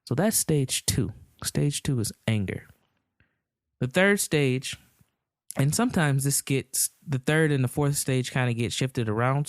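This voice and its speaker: A man's voice: medium pitch, no echo, studio quality. A man hosting a podcast, explaining a topic in a casual, conversational monologue with many fillers and acted-out examples. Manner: conversational, many fillers, acts out hypothetical quotes. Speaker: podcast host.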